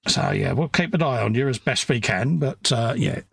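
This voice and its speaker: A man's voice: mid-range voice, expressive, normal speed, gravelly, fairly bright tone, slightly rough, dry recording. A sniffly man with a southern English accent, co-hosting a live model-building stream, joking around and reading out viewer comments. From England. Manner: chatty, joking banter, reads out viewer comments. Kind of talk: casual chat while building a model kit.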